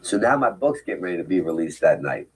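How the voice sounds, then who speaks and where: The recording is rough, and the man's voice sits low, with a sing-song lilt, a breathy edge and a fast delivery. Telling the story of his recovery, he speaks candidly and emphatically about his past and keeps slipping in rhetorical asides; it's a personal storytelling talk.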